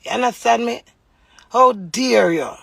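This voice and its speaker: A woman's voice: a little high, unhurried, vocal fry, slightly rough, no room sound. A woman with a Jamaican accent, ranting heatedly and scolding her husband directly on a vlog. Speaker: vlogger. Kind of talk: angry live rant.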